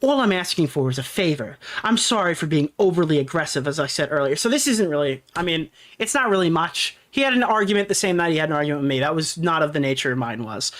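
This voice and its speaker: A man's voice: on the high side, animated, a bit bright. Aggrieved man arguing his side. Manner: aggrieved, argumentative, halting with fillers. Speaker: streamer in a played clip. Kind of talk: defensive monologue.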